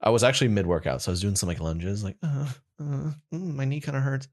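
A young man co-hosting a podcast, chatting casually and telling funny stories, often breaking into high squeaky voices when he quotes people. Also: steady tone, quick pace, darkish tone. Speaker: podcast co-host. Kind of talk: casual comedic chat.

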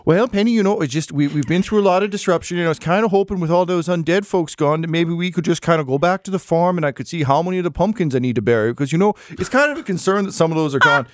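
A man's voice: fairly high pitch, fast, hardly any pauses, no room sound, studio quality, voice pushed up, lightly acted. A man voicing a timid older farmer husband who worries about his pumpkins. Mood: worried.

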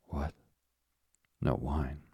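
A man reading as an earnest young sailor, devoted to his father, his voice very deep and flat. The tone is dark and raspy, and it is kept soft and slow for a storybook reading. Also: no echo, clean studio sound, full character voice.

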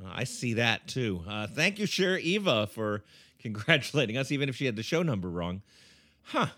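A man's voice: mid-range voice, big pitch swings, moderate pace, bright, forceful tone. A man hosting a comedy podcast in a dry, wry, playful way. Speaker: host.

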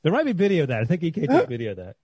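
A man in his forties co-hosting a sports podcast, quick and teasing in casual banter. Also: a little high, huge pitch swings, darkish tone, slightly rough, no room sound. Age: 40s. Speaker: podcast co-host.

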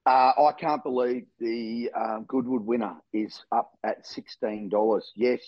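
A man's voice: mid-range voice, steady tone, unhurried, dry recording, dull audio. A man tipping horses in a casual racing chat, eager and jokey. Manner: enthusiastic, jokey punter. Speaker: racing tipster.

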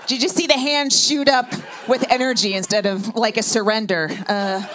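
A woman's voice: medium pitch, noisy background. Dry stand-up comedian woman on stage. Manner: dry, deadpan punchlines. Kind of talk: stand-up set.

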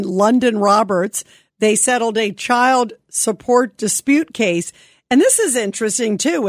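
A woman's voice: fairly high pitch, no echo, studio quality. A woman hosting a talk radio show, speaking emphatically and indignantly, firing rhetorical questions.

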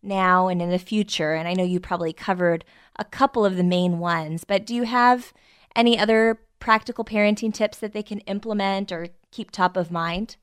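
A woman's voice: medium pitch, normal speed, clear, resonant tone, dry recording, studio quality. A woman hosting a podcast interview, asking earnest, appreciative questions. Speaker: podcast host.

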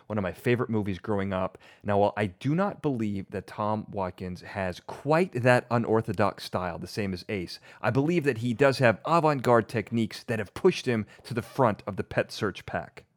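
A self-mocking male podcast host talks in a fairly low voice, recorded close and dry. He rambles in a loose, joking way and often stumbles and restarts mid-sentence. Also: normal speed, few pauses, no room sound.

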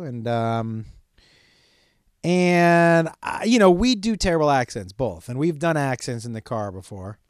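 Solo podcast host, middle-aged man, loose confessional monologue with swearing, fairly high-pitched. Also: a little mellow, no echo, clean studio sound. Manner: candid, rambling, swears often.

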